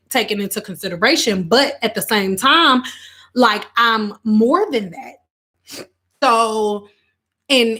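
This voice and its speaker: A woman talks candidly to her livestream audience in an animated, unscripted way. Her voice sits a little high, and she slips into quoted voices now and then. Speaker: hairstylist and online host. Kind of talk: casual livestream talk.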